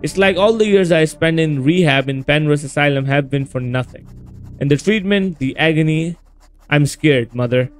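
A man reading a scared young man haunted by his asylum years, in a horror game. He sounds anxious and confiding, his voice a bit high. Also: moderate pace, faint music behind, lightly acted. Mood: fearful. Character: frightened young man, former asylum patient.

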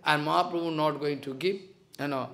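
A man's voice: a little high, steady tone, fairly quick, fairly bright tone. A man with an Indian accent, a spiritual teacher telling a devotional story in simple, broken English and acting out the dialogue.

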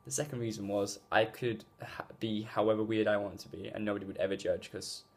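Gaming vlogger, male, lowish voice, loose filler-heavy rambling, phone-recorded. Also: steady tone, fairly quick, creaky. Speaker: gaming YouTuber. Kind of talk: casual vlog talk. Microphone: phone mic.

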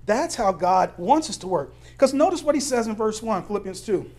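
This is a fairly quick sermon from a high-pitched pastor in a church sanctuary, who talks to the congregation in a conversational way, throwing out questions and laughing while telling stories on himself. He swings between hushed, low asides and loud, excited moments.

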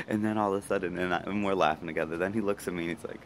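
A man talking casually to his camera, rambling fast with many fillers and asides. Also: deep voice, animated, a bit bright, slight background noise. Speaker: vlogger. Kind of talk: casual reflective monologue.

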